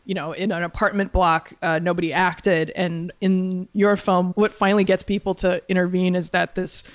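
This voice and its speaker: A woman's voice: lowish voice, little pitch movement. A woman interviewing a film director, asking questions in a chatty way with frequent fillers. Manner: chatty, quick to laugh, many fillers.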